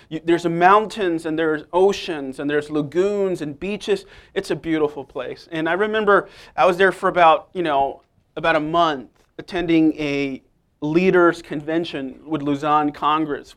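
High-voiced man preaching with jokes. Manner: lively, joking, addresses congregation directly. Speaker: guest preacher. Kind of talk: sermon with humor.

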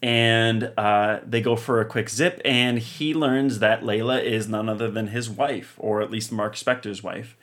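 A young man co-hosting a podcast, casually recapping a TV episode with lively, laughing storytelling. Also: lowish voice, measured pace, hardly any pauses. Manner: animated storyteller, laughs often. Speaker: podcast co-host.

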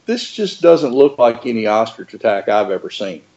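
A man's voice: medium pitch, big pitch swings, moderate pace, darkish tone, highs cut off. A man voicing a befuddled male emergency room doctor who stammers and hesitates. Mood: puzzled.

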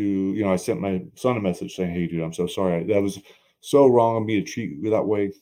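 A man's voice: on the low side, dark tone. A middle-aged man hosting a solo podcast, talking candidly and reflectively about his week. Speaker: podcast host. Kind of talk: personal solo podcast talk.

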